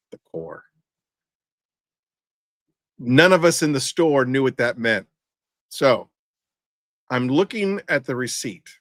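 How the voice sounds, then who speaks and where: A man's voice: medium pitch, a bit bright, no room sound, studio quality. A man hosting a podcast, telling a story in a rambling, stubborn rant full of restarts. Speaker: podcast host. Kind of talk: casual storytelling.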